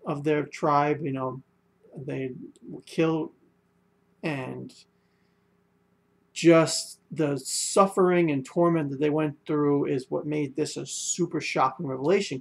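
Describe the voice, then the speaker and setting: A man's voice: a little high, creaky. A young man giving a casual spoken manga review, rambling with lots of fillers and restarts.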